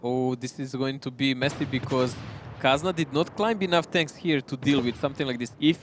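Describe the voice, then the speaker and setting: A man giving live analysis of an esports match, relaxed and analytical with frequent chuckles. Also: medium pitch, fairly quick, a little hiss or hum.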